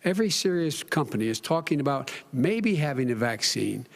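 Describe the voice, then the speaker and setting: A man's voice: medium pitch, big pitch swings, fairly quick, creaky. An older man in a televised debate, speaking with passion, repeating himself and talking over others. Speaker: debate candidate.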